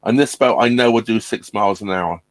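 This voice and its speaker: A man's voice: on the low side, fairly quick, dry recording. Rambling man on a live stream. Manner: rambling and hesitant, many ums and restarts. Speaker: vlogger hosting a live stream. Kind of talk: casual live-stream chat. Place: inside a narrowboat cabin. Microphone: laptop mic.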